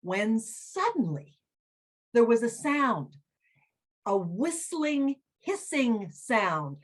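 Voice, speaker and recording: Head-of-school woman reading to kids: very animated melody, slow, dramatic pacing. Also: on the high side. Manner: expressive, dramatic read-aloud. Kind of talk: children's storytelling.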